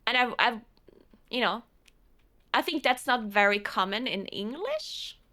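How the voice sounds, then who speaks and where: Bright-voiced woman chatting on stream. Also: on the high side, animated, unhurried. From South Tyrol, Italy. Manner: rambling, frequent restarts, reads out chat. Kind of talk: casual chat with viewers.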